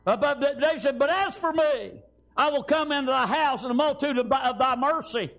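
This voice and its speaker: A man preaches in a very high voice. He stumbles through fillers and restarts, breaking in often with amen and praise God. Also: brisk, gravelly, a bit bright. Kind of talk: sermon.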